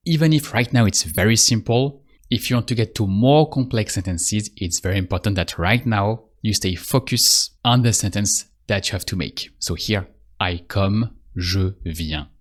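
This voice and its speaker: A man teaching a language lesson, patient and repetitive, pausing so the learner can answer. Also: fairly low pitch. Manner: slow, patient, repeats phrases and pauses for the learner. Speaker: French teacher. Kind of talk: calm spoken language lesson.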